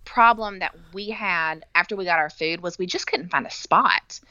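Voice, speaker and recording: Middle-aged lady chatting, kinda sarcastic, low-ish bright voice, dry close mic. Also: normal speed, clear, resonant tone, dry recording, lo-fi sound. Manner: chatty storytelling, sarcastic asides. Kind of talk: casual chat.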